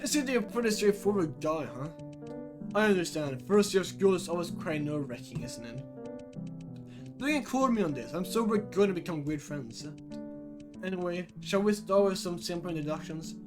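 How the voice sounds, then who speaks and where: A man's voice: high-pitched, animated, a little fast, music in the background. A man voicing a friendly, chatty young male college roommate who talks politely and eagerly.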